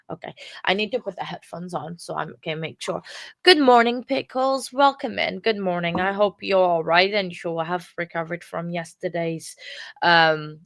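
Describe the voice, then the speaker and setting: A woman's voice: fairly low pitch, no room sound. Subdued, teary woman streamer. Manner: subdued, self-described monotone delivery. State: sad and close to tears. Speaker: true crime livestream host. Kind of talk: casual live-stream chat.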